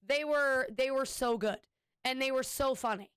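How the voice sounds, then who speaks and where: A woman's voice: high-pitched, normal speed, a bit bright, smooth, no echo, studio quality. A woman streamer chatting casually with her viewers, rambling and restarting her sentences. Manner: rambling, with frequent restarts and "anyway"; chatty, thanking subscribers.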